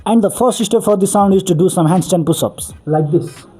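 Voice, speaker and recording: A man's voice: high-pitched, normal speed, mellow, a little hiss or hum. A man hosting a beatbox tutorial, explaining each step earnestly and repeating "really, really" for emphasis.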